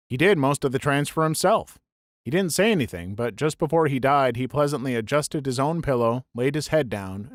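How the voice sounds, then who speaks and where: A man's voice: medium pitch, dry recording. Man reading stories in a dry, close voice. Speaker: narrator reading online stories. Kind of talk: scripted story narration.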